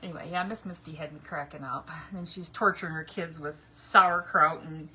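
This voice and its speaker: A woman's voice: low voice, steady tone, brisk, bright, forceful tone. A middle-aged woman chatting casually and rambling as she paints a craft project on a home livestream, laughing often. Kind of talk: casual live-stream chat while painting. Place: home yard or garage. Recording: noisy home livestream audio.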